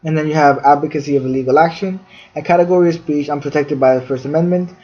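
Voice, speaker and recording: Reading facts aloud during a podcast discussion, this male host works through definitions from a fact sheet, leaning heavily on fillers. He has a fairly high, darkish voice with a steady tone and a fast delivery. The audio is dull and lo-fi.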